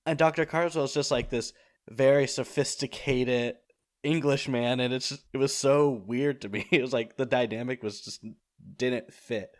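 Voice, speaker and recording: A man's voice: mid-range voice, moderate pace. Chatty man rambling about a film. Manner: rambling, many fillers and restarts. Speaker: podcast host. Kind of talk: casual film discussion.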